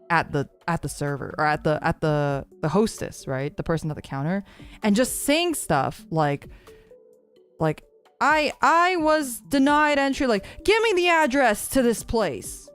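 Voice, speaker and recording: A woman streamer telling a story in casual chat, animated and rambling, full of "like" and restarts. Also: fairly low pitch, clean tone.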